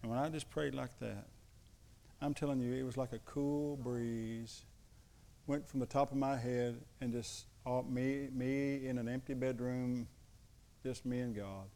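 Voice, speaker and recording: A man's voice: mid-range voice, steady tone, measured pace, gravelly, dark tone. Preaching man telling stories. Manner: storytelling, acts out voices of family members. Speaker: pastor. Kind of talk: sermon with personal stories.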